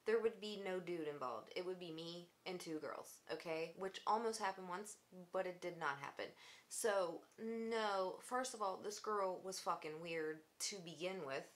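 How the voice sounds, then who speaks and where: A woman's voice: fairly low pitch, fairly bright tone. A young woman vlogs in a loose storytelling style, blunt and sarcastic. She swears freely and talks the way she would to a close friend. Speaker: vlogger. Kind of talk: casual storytelling vlog.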